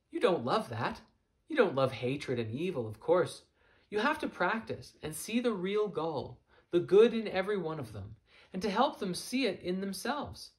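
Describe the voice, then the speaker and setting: Casting: male reader as a calm, wise seagull mentor, lively inflection, storybook reading. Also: high-pitched, pitched above the performer's own voice. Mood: patient. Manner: gentle, patient, lightly playful.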